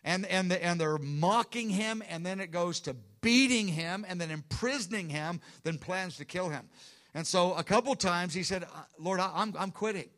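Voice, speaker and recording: A man's voice: sits high, moderate pace, a bit bright. A man preaching a sermon with earnest emphasis, often restarting phrases and acting out quotes. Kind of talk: sermon teaching.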